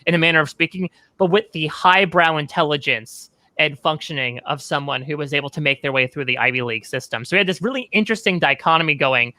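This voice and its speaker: A young man in casual podcast talk, articulate and quick, scattering "like" through his sentences. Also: fairly high pitch, bright, forceful tone, dry recording. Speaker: podcast guest, reality TV writer.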